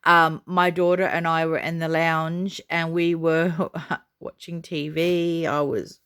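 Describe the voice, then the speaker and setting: A woman talks straight to camera in a casual vlog, her voice sitting a little low. She is chatty and excitable and fills her pauses with ums. The delivery is loose and conversational. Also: smooth. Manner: chatty and excitable, many fillers. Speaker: doll collector vlogger.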